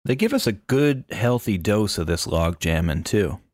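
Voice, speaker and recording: A man's voice: on the low side, animated, normal speed, a little mellow, no room sound, studio quality. A man co-hosting a podcast about a film, chatting in a playful, joking way. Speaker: podcast co-host. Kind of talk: casual film-discussion chat.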